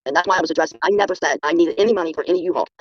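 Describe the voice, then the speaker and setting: A middle-aged or older guest on a casual livestream, emphatic and defensive, who talks in rushes. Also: mid-range voice. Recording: muffled lo-fi stream audio.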